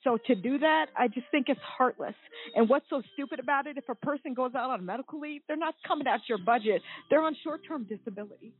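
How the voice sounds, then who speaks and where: A woman in her forties from the United States, a guest telling her own story on a talk show, emotional and halting with many fillers and restarts. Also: sits high, husky. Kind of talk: personal account on a talk show. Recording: tinny phone line.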